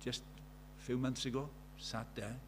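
A man's voice: mid-range voice, level tone, moderate pace, slight background noise. A man preaching a sermon in an earnest way, telling stories and asking his listeners many questions.

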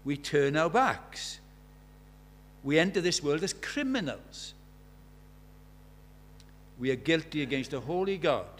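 Emphatic preacher, fairly high voice. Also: male voice, animated, slow pace, pauses often. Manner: emphatic, rhetorical questions, swings from loud to hushed. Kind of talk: sermon. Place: church.

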